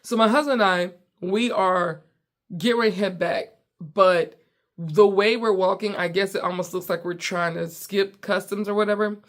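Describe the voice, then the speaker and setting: A woman from the United States who hosts a comedy show, telling a story in casual, animated chat from her home basement and often breaking off mid-sentence. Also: medium pitch, normal speed.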